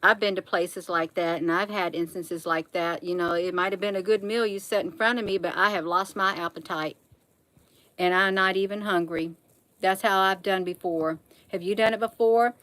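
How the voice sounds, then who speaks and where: A woman's voice: fairly low pitch, fairly even intonation, normal speed, fairly bright tone, poor audio. A middle-aged woman hosting a casual livestream, reading proverbs aloud and chatting folksily with viewers, calling them honey. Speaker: livestream host.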